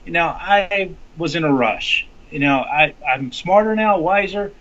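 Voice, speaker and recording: Guy running for congress, kinda high voice, storytelling with lots of restarts, dull lo-fi sound. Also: measured pace. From Arkansas. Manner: animated storytelling with many restarts. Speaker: congressional candidate. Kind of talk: casual interview talk. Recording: lo-fi dull audio.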